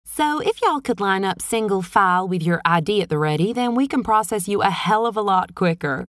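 A woman's voice: medium pitch, lively intonation, a little fast, dry recording, studio quality, lightly acted. A woman doing a queue official. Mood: officious. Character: brisk female official herding a queue.

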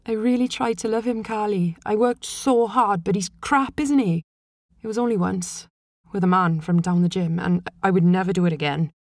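A woman's voice: medium pitch, normal speed, no echo, clean studio sound, lightly acted. A woman voicing a guilty young woman, confessing to a friend. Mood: sheepish. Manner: sheepish, pleading.

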